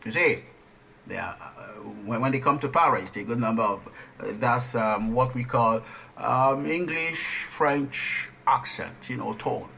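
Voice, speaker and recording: A man hosting a radio lesson, teaching French phrases slowly and coaching listeners to repeat after him. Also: medium pitch, vocal fry, pushed and bright, dull audio, slight background noise. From Nigeria.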